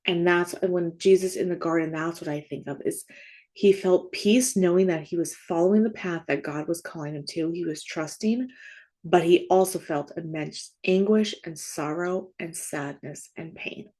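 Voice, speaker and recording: A woman's voice: lowish voice, moderate pace, dark tone. A woman in her thirties hosting a faith-based grief podcast, talking casually and often checking in with "right?" and "okay?". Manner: conversational, frequent "like" and "right?" check-ins. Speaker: grief coach and podcast host. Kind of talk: casual spoken podcast teaching.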